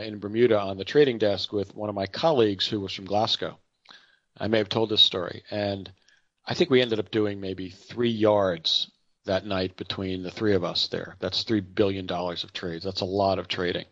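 A man's voice: lowish voice, no echo, dull audio. A middle-aged man giving an unscripted market commentary, rambling and correcting himself with chatty asides and anecdotes.

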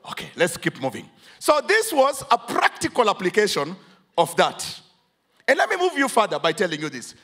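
Kenyan male pastor, high-pitched and animated, dramatic call-and-response preaching. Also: moderate pace, slightly rough. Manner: preaching, switches between English and Swahili; dramatic, swings from hushed to loud emphatic. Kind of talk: sermon with congregation call-and-response.

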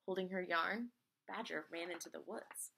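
A woman reading a picture book aloud in a lively way, singing out sound effects as she goes. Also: on the low side, normal speed, creaky, noisy background. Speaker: reader.

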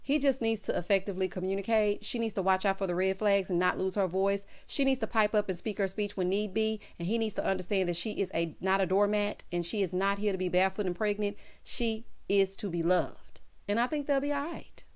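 A woman giving a sassy, animated recap of a reality show, quoting the couples in put-on voices. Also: medium pitch, brisk, few pauses. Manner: sassy, animated, quotes people in character voices. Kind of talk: casual commentary recapping an episode.

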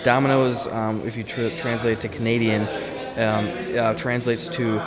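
A young man and vlogger joking in a deadpan, mock-earnest way at a busy convention. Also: medium pitch, unhurried. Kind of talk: joking casual vlog banter. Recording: loud crowd chatter behind.

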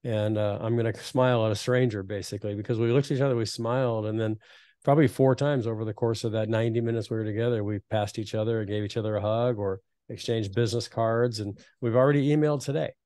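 A man in his fifties hosting a podcast, telling reflective, earnest stories in a relaxed conversational way. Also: lowish voice, quick pace, dry recording. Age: 50s. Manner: reflective, earnest storytelling with frequent restarts. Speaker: podcast host.

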